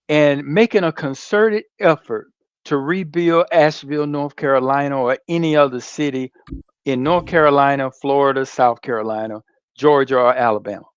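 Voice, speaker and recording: A man's voice: mid-range voice, moderate pace, clean tone, dry recording, highs cut off. A man hosting a casual political talk, speaking emphatically and asking pointed questions.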